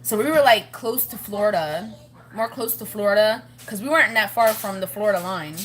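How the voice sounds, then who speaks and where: A woman's voice: mid-range voice, a little fast, a bit bright. A woman vlogging in a rambling, chatty way, laughing often as she talks to her viewers. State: pregnant, with morning sickness. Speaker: family vlogger. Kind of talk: casual chat to camera.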